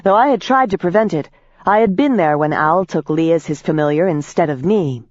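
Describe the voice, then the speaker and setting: A woman's voice: fairly low pitch, animated, fairly quick, darkish tone, no room sound. A woman narrates a first-person fantasy audiobook with tense, vivid storytelling. The recording is dry and close, with a slightly dull, muffled top end.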